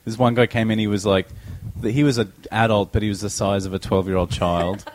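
A man's voice: fairly low pitch, steady tone, a little fast, darkish tone, a little hiss or hum. A man in casual podcast chat, joking and chiming in. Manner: jokey, lots of backchannel. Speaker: podcast co-host.

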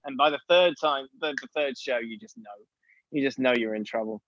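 A man's voice: mid-range voice, a little fast, a bit bright, no room sound, highs cut off. A man, a podcast guest chatting casually and laughing often as he teases. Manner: laughs often, teasing and easygoing. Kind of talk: casual chat.

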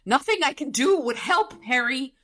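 Woman putting on a high-pitched frightened young man, whiny, hysterical, very bright tone. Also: lively intonation, normal speed, heavily acted. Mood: panicked. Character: panicky timid young man, the mortician's assistant.

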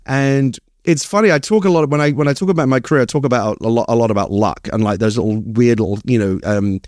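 A middle-aged man from East London whose British accent has turned partly American tells stories in an animated, rambling way, often restarting sentences. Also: medium pitch, fast talker, dry recording, studio quality. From East London, England. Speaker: guest screenwriter. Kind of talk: casual interview chat.

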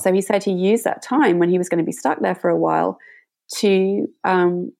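A woman meditation teacher, a guest in an interview, telling a story in a gentle and reflective way. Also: on the low side, normal speed, creaky.

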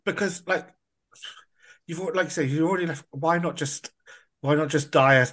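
A man's voice: on the high side, normal speed, a bit bright. A man on a football podcast, thinking aloud and restarting his sentences. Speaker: podcast panelist. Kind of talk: casual football chat.

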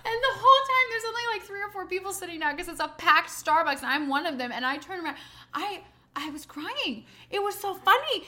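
A woman with a high, bright voice telling funny stories in a casual chat. She is animated and laughs often. She acts out the people in her anecdotes. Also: a little fast. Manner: animated, laughing storyteller who acts out quotes. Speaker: podcast co-host, nanny.

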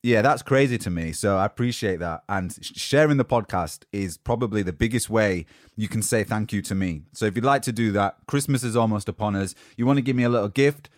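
A man's voice: lowish voice, brisk, no room sound, studio quality. A young British man hosting a solo motivational podcast in a rambling, conversational way from his home. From Britain. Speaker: podcast host. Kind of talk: casual solo podcast talk.

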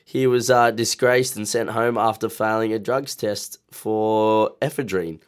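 A man's voice: fairly low pitch, fairly even intonation, measured pace, smooth. A man with a nasal, flu-stuffed voice, bantering and joking as a podcast co-host. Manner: joking, laughs often. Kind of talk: casual banter.

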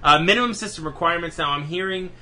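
A young man co-hosting a gaming podcast, rattling off specs in a quick, profane, joking casual chat. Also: a little high, bright, forceful tone. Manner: rapid, profane, laughing reading of spec lists. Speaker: podcast co-host.

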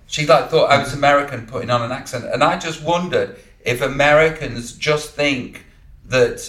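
A man's voice: medium pitch, moderate pace, a bit bright, roomy sound. English man telling dry stories. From England. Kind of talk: casual chat.

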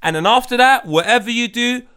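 A man's voice: extremely high pitch, brisk, pushed and bright, clean tone. A man co-hosting a podcast, ranting in brash, mocking, sweary casual chat. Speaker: podcast co-host.

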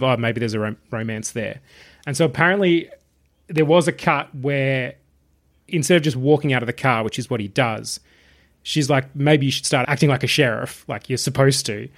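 A man talking over a movie with a friend in an easy, relaxed way. He laughs often and slips into quoted lines as he retells scenes, keeping the tone loose and casual. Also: medium pitch, moderate pace. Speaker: film podcast co-host. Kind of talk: casual film review chat.

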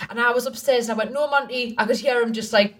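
A woman comedian in casual comedic chat, laughing often as she tells animated stories. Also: on the high side, racing, background noise. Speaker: comedian podcast co-host.

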